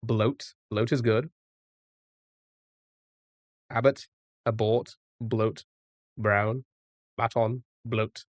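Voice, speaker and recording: A man's voice: fairly low pitch, little pitch movement, very slow, long pauses, no echo, clean studio sound. A man streaming live, chatting casually with his chat and swearing now and then while playing a word game. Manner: chatty, jokey, talks back to chat.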